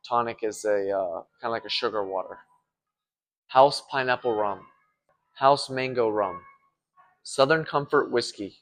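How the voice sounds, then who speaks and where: A man in a restaurant bar talks through its shelf of bottles at an easy, unhurried clip. His voice sits at an ordinary middle pitch, plain and relaxed, with the odd "uh" as he names one bottle after another. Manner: plain, relaxed listing with filler ums and uhs. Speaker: restaurant bartender. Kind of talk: casual walkthrough of a bar's bottles.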